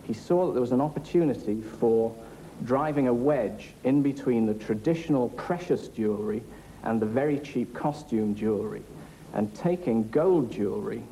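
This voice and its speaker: Man explaining in a dark, lecturing voice. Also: mid-range voice, a little hiss or hum, poor audio. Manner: fluent, lecturing. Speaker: academic commentator. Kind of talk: explanatory interview talk.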